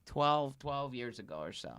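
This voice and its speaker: A man's voice: medium pitch, big pitch swings, normal speed, fairly bright tone, clean tone. A male comedian on a podcast, telling a story in a loose, rambling way full of restarts and fillers. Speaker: comedian guest.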